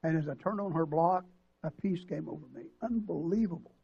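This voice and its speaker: Older pastor, husky voice. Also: male voice, fairly high pitch, dull audio. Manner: emotional, halting storytelling with many restarts and acted quotes. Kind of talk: sermon storytelling. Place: church sanctuary.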